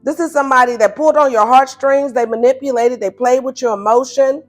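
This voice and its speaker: A fairly high-voiced woman gives a casual tarot reading, blunt and animated, laughing and acting out her listener's answers. Faint music plays behind her. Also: a little fast. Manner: animated and blunt, voices the viewer's replies in higher playful tones, laughs often. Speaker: tarot reader.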